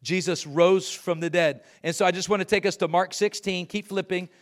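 A middle-aged man preaches from the pulpit, reading scripture aloud and pushing his voice up on the key lines. His voice sits a little higher than most men's, and he leans on each point with emphasis. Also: fairly even intonation, normal speed. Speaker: pastor. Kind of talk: sermon.

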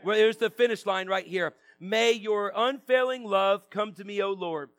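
A pastor with a notably high voice for a man leads a church service, reading scripture at length. He mixes the formal reading with relaxed, joking remarks to the people in the room. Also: normal speed. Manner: casual, joking asides to the congregation. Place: church sanctuary.

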